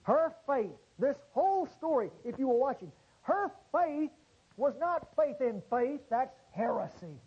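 High-voiced emphatic male preacher. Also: big pitch swings, breathy edge, dull audio. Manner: emphatic, swinging from low murmurs to loud high exclamations; drawn-out stressed words. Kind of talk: sermon. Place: church service before a congregation.

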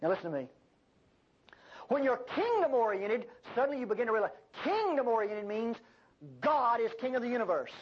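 An older woman preaching a sermon, with an animated delivery and folksy asides. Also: fairly high pitch, a little fast, slightly rough. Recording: dull lo-fi sermon recording.

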